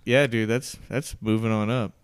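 A man's voice: on the low side, steady tone, normal speed, smooth, dry recording, clean studio sound. A young man co-hosting a podcast, teasing his friends in laid-back chat. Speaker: podcast co-host. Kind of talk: casual podcast banter.

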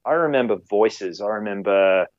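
A ski patroller, recounting rescues in a halting way with many fillers and restarts. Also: male voice, lowish voice, expressive, dry recording, dull audio. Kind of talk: conversational storytelling.

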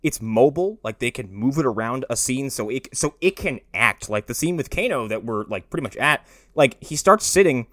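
Man, mid-pitched, enthusiastic rambling podcast co-host, dry close mic. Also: animated, fairly quick, hardly any pauses, a bit bright, no room sound. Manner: rambling, filler-heavy, enthusiastic. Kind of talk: casual movie discussion.

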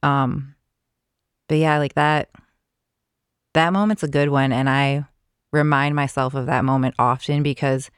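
Woman, podcast guest, chatty storytelling, many fillers, smooth clear voice, dry close sound. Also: a bass voice, steady tone, measured pace, long pauses, no echo. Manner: chatty, heavy filler words. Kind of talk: casual storytelling.

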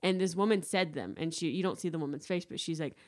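A woman with a slightly low voice chats casually as a co-host. She rambles through her stories, full of fillers and restarts, and acts out quotes with animation. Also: quick pace. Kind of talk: casual chat.

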